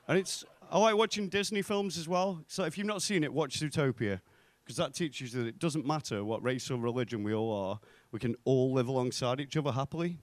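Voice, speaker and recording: A young man at a stand-up mic, his voice sitting in a middling register. The sound is close and dry, with little room around it. He lands his jokes deadpan and slips into other people's voices for his stories. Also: mid-range voice, fairly quick, hardly any pauses, dry recording. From North West England. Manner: deadpan punchlines, acts out quoted voices. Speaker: stand-up comedian. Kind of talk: stand-up comedy set. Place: comedy club stage.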